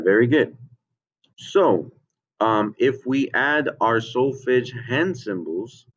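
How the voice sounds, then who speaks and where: A young man with a lowish voice teaches a children's music lesson from home. He explains things slowly and patiently, checking in with his young listeners. The recording is dull and lo-fi. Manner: patient, repeats "okay?" and "right?" to check in.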